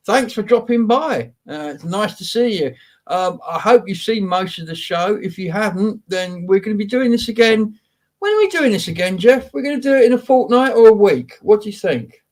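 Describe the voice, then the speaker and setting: A man's voice: sits high, animated, normal speed, a little mellow. A man from Wales hosting a casual live show, chatting and greeting viewers by name. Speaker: host. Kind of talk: casual live-stream chat.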